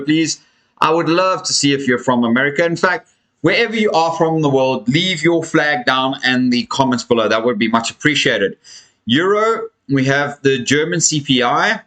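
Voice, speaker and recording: A man's voice: a little high, a bit bright, low-quality recording. A man hosting a casual live crypto stream, tired and yawning, chatting to viewers as friends and drawing out words for emphasis. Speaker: crypto livestream host. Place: home room with a fan running.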